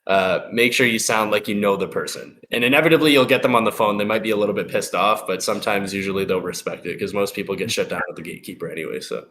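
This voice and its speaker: A man's voice: on the low side, fast, hardly any pauses, a bit bright. A young man giving loose, profane sales advice on a live call, acting out phone calls. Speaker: sales expert guest.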